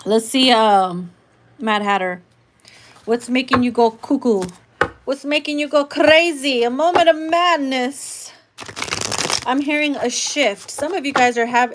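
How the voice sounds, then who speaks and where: A woman reads tarot live in a loose, chatty way, blunt and quick to swear. Her voice sits a little high. Faint background noise and the soft shuffle of cards run underneath. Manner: casual, blunt, swears freely. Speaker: tarot reader.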